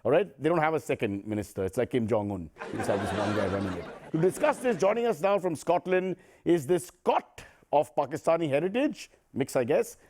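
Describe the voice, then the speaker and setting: Man, satirical news anchor, lively pitch, noisy studio recording with clicks. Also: brisk, few pauses. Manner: wry, jokey, deadpan asides. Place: TV studio set.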